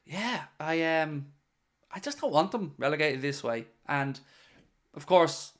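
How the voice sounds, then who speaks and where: A man's voice: fairly high pitch, animated, a little slow. A man hosting a casual live stream, chatting and answering viewer comments. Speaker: podcast host reading live chat.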